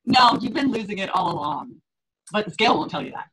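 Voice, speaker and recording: A woman's voice: fairly high pitch, expressive, fairly quick, fairly bright tone, slight background noise, poor audio. A middle-aged woman fitness coach on a group call, talking in a chatty way, laughing often and acting out her clients' reactions.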